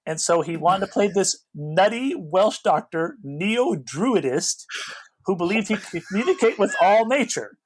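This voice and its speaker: A man's voice: high voice, expressive, a little slow, slightly rough, low-quality recording. A man co-hosting a casual film-review chat, rambling with restarts and asides. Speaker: podcast co-host.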